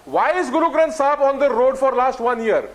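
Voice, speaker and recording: A man's voice: extremely high pitch, expressive, fairly quick. A man with an Indian accent speaking as a panelist in a televised debate, impassioned and stammering as he pushes into his points.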